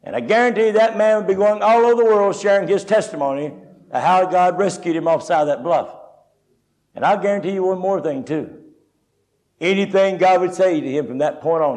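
A male preacher delivering a story-driven sermon at a conference. His voice sits high and his delivery is folksy and plain-spoken. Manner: folksy storytelling, varied loudness.

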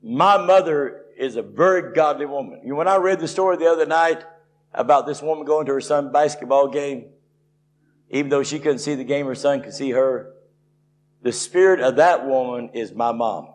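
A man's voice: mid-range voice, normal speed. A man from Tennessee, preaching and telling a personal story in a folksy, rising way. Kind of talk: sermon testimony.

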